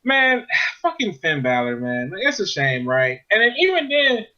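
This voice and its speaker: A man's voice: high-pitched, huge pitch swings, normal speed, pushed and bright, highs cut off. A man reviewing a wrestling show in casual chat, ranting with plenty of swearing and exasperation.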